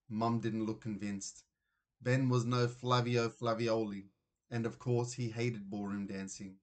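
A man narrating a children's storybook aloud in an expressive reading voice. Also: medium pitch, moderate pace. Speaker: reader.

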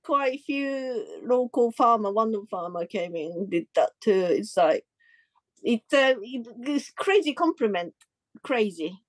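A woman artist speaks in a casual interview, halting and restarting as she hunts for words. Her pitch leaps up lively when she gets into a story. The sound is dry and close, with no room echo. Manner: lively pitch jumps when telling stories. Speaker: artist guest.

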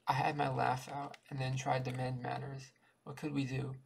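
Gravelly, flat-voiced man reading a story. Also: medium pitch, slight background noise, low-quality recording. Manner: halting, with restarts mid-word. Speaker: audiobook reader. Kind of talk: amateur reading aloud of a short story.

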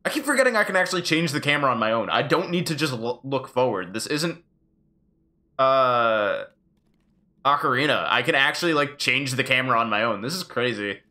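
A male game streamer chats casually over live gameplay, cracking jokes and swearing freely. His delivery swings up and down in pitch, and his voice is bright and forceful. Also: fairly quick. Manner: joking, animated, swears freely.

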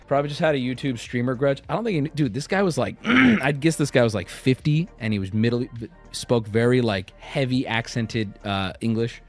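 A man's voice: on the high side, a little fast, soft background music. A man in his thirties casually telling a swear-filled story, acting out what people said. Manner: animated, swears often, acts out quotes.

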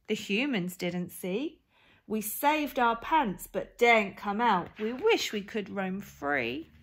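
A woman's voice: mid-range voice, lively intonation, takes it slowly. A woman voicing big pants-hoarding dinosaurs in a children's picture book reading, in a blustering storybook manner.

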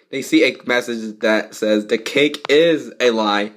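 A man's voice: mid-range voice, unhurried, a bit bright. A young man reading a fan fiction aloud with rambling comments, often jumping into character voices. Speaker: fanfic reader. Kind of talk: casual fanfic read-aloud with comments.

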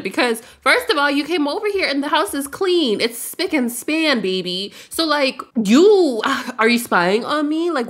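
A woman's voice: fairly high pitch, fairly bright tone. A young woman giving casual, playful commentary on a life-sim game, laughing often. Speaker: gaming YouTuber. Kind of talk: casual let's play commentary.

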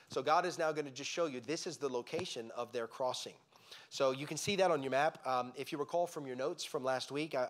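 Man teaching a church Bible lesson. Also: medium pitch. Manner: animated storyteller, frequent restarts and "uh". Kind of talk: sermon-style Bible teaching. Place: church sanctuary.

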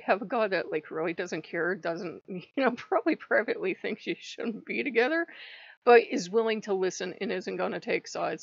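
Woman hosting her own channel, creaky and gravelly, rambling with lots of laughs, dull muffled audio. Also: medium pitch, no room sound. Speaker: channel host. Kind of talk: casual vlog chat. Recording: dull lo-fi sound.

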